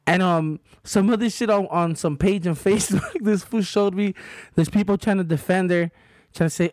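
A man from Southern California with a high voice tells a story in slangy, profane talk full of fillers. The sound is dry and close. It is a casual podcast chat between co-hosts. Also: fairly quick, a little mellow, dry recording. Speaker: podcast co-host.

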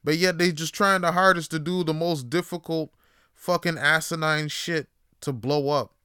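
A man's voice: fairly high pitch, steady tone, normal speed, bright, forceful tone, smooth, no echo, clean studio sound. Profane, rambling man on a podcast. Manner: profane, rambling, laughs often. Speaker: podcast host. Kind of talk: casual opinion monologue.

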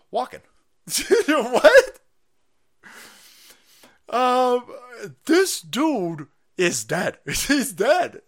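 A foul-mouthed man hosting a live stream, his voice sitting a little high and bright with a forceful edge. He rants, mocks and laughs his way through commentary, swinging all over his pitch and bursting into loud yells. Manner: excitable, swings into loud outbursts. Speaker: livestream host.

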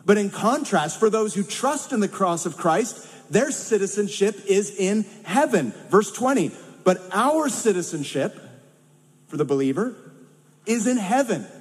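Californian pastor preaching in a hall. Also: male voice, sits high, darkish tone. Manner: conversational, with humorous asides. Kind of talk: sermon. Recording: long hall reverb.

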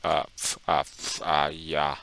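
A man's voice: extremely low pitch, level tone, takes it slowly, gravelly, sharp tone, rough recording. A man chatting casually while playing a game, teasing his friend with crude jokes. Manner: crude, teasing, joking banter. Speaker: gamer co-host. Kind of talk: casual gaming chat.

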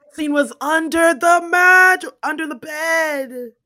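A woman chatting casually, recapping a film in an animated way, swearing freely and acting out quotes. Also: very high voice, slow, no echo, clean studio sound.

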